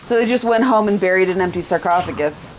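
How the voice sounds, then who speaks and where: A woman's voice: mid-range voice, fast talker, slight background noise, poor audio. A woman co-hosting a podcast who chimes in with short replies and finishes others' sentences. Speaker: podcast co-host. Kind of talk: casual chat.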